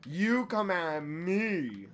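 Young guy swearing at a game boss, voice jumps all over, slow drawl, quiet game music behind. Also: high voice. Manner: profane, excitable, yelling at the boss. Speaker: gaming YouTuber. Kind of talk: casual let's-play commentary.

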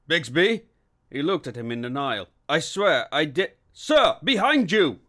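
A man narrating a steampunk novel in an expressive storytelling voice. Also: medium pitch. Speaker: audiobook narrator. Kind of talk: scripted narration.

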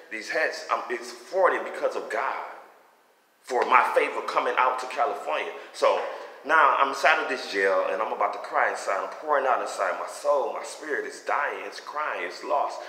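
A man's voice: medium pitch, bright, forceful tone. Fervent man preaching in an echoey room. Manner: fervent, rambling, conversational preaching. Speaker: giving a personal faith testimony. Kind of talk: preachy personal testimony. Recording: echoey room with long reverb.

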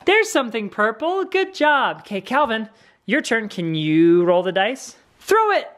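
A woman's voice: fairly high pitch, lively intonation, unhurried. A woman, a vlogging mother, leading a card game with her small children in an encouraging sing-song way at home. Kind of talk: playing a game with young children.

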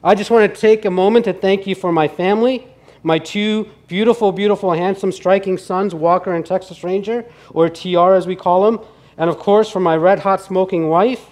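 A pastor voicing a boastful, dim-witted male race car driver who says grace in a loud, drawn-out, earnest way. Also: sits high, fairly even intonation, voice pushed up, lightly acted.

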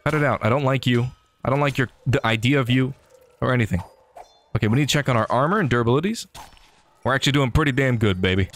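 A man giving excitable, joking commentary over his gameplay, often talking back to enemies on screen. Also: mid-range voice, fast, a little hiss or hum. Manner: excitable, jokey, talks to enemies. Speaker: gaming YouTuber. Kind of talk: game commentary.

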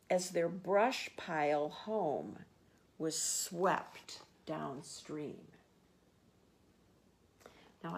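A woman, a children's librarian, reading a picture book aloud and gently explaining words and pictures to children. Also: fairly low pitch, gravelly.

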